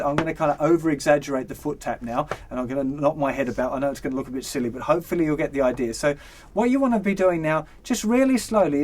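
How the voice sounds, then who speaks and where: A young man teaching a guitar lesson, relaxed and encouraging, counting beats aloud as he plays. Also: on the high side, a little hiss or hum. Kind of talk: instructional lesson. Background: guitar strumming.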